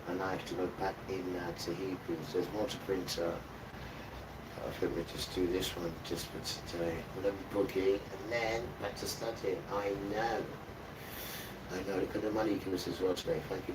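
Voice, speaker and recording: A man hosting a livestream and talking informally about scripture, rambling and swinging between quiet mutters and loud outbursts. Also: low-pitched. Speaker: livestream host. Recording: distant mic with steady background noise.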